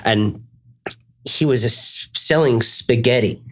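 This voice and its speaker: A man's voice: mid-range voice, takes it slowly, a bit bright. A man with an Australian accent telling a rambling comic story in a casual chat, full of restarts.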